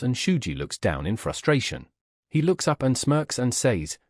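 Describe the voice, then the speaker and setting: Lively male comic recap narrator. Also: medium pitch, normal speed, no room sound, clean studio sound. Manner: steady storytelling.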